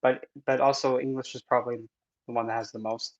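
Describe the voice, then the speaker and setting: Speaking a little fast in a level, mid-range voice, this man chats casually in a Q&A session, rambling, cracking jokes, and cutting himself off mid-thought. He's a vlogger and spiritual instructor using an in-ear headset mic, and the audio is dull.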